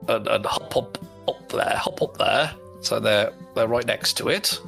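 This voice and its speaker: A man's voice: lowish voice, measured pace, creaky, a bit bright, faint music behind. A man chatting casually as a player in a tabletop game, playful and scheming.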